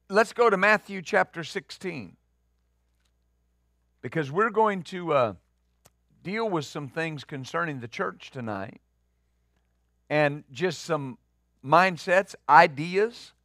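A middle-aged male pastor preaching a sermon, conversational, rising into loud emphatic peaks. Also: high-pitched, no echo, clean studio sound.

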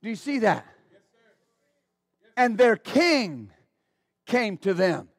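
Fervent high-voiced male preacher. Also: big pitch swings, slow pace, dry recording, studio quality. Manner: fervent, exclaiming praise, stammering restarts. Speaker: pastor. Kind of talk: sermon.

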